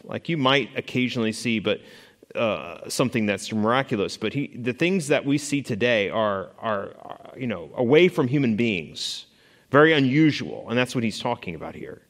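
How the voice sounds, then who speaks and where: A man's voice: mid-range voice, lively intonation, normal speed, a bit bright, in a large hall. A man teaching a Bible study lesson to a class, talking conversationally with fillers and restarts and asking the group questions. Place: classroom or church hall with a board. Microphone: stationary mic he moves away from while walking.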